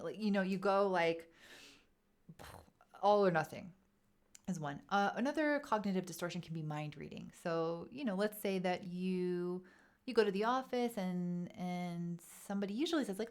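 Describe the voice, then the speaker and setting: A woman's voice: lowish voice, moderate pace. Chatty woman telling a personal story. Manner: chatty, animated, acts out quoted inner voices. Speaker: wellness vlogger. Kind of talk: casual personal storytelling to camera.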